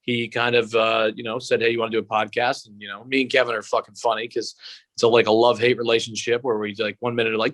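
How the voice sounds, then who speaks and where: A young man, appearing as a guest on a video call, rambles through stories and swears freely in the style of a sportscaster-type comedian. His medium-pitched voice is quick, flat in delivery and fairly bright, with no echo.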